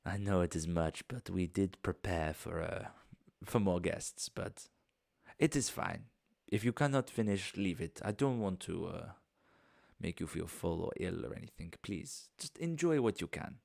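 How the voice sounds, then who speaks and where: Man putting on polite foreign manor host, deep, hesitant, gracious. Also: expressive, gravelly, darkish tone, dry recording, clean studio sound, exaggerated voice. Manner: courteous, halting, searching for words.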